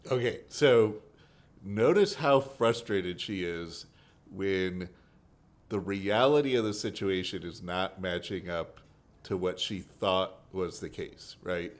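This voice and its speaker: A man's voice: low voice, slow pace. A man commenting on a clip, explaining his reasoning step by step to the listener. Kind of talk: analytical commentary.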